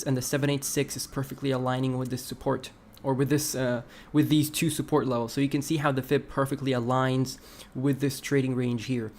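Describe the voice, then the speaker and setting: A man of ordinary middle pitch hosts a live crypto stream. He talks through charts in a relaxed, conversational way and stops now and then to read viewer messages aloud. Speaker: crypto livestream host. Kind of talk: casual livestream chart analysis.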